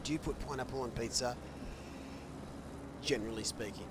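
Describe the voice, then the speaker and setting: A man commentating an online racing event, chatty and joking, getting loud and excited when the race action kicks off. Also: mid-range voice, a little fast, very noisy.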